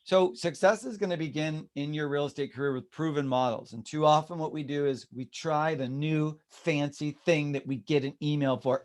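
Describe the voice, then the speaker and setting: Man, team leader, real estate meeting, animated, fairly high voice. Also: normal speed, hardly any pauses. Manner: animated, acts out quoted voices.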